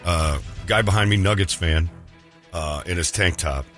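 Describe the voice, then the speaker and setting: A man hosting a talk show, telling a story casually and acting out other people's lines in pitched-up voices. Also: moderate pace, a bit bright, faint music behind.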